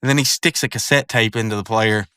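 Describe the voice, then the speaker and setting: A man's voice: on the low side, steady tone, fast talker, pushed and bright, clear, resonant tone, dry recording, clean studio sound. A man giving casual commentary on a cartoon episode, rambling along with lots of fillers and restarts. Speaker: video commentator.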